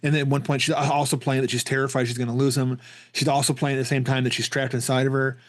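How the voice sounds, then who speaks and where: A man's voice: medium pitch, flat delivery, fast talker. A man hosting a film podcast in casual discussion, rambling with many restarts and repeated words. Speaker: podcast host.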